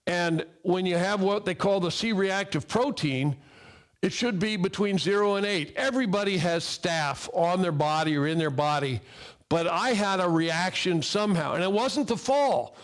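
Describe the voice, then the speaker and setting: Middle-aged male speaker, high-pitched, lively anecdotal delivery on workplace safety. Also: normal speed. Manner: animated storyteller who acts out dialogue. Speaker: fall protection equipment speaker. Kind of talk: personal story told to an audience.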